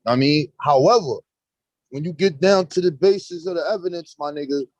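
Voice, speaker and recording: High-voiced animated man on a dry close mic. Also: moderate pace, no room sound, rough recording. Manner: animated, profane street talk, acts out courtroom exchanges. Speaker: host. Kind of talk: casual live-stream chat.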